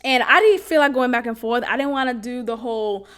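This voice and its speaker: Young woman hosting a podcast, kinda high voice, blunt and slangy, laughs a lot. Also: brisk, fairly bright tone, clear, resonant tone. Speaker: podcast host. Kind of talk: candid personal storytelling.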